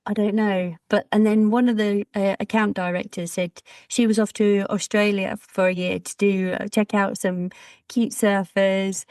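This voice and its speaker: A woman in her fifties chats through her story as a podcast guest, mid-pitched and lively when she acts out what others said. The sound is close and dry, with no room around it. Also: normal speed, smooth, no echo. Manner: chatty, animated quoting of dialogue. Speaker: guest, brand designer. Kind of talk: casual interview storytelling.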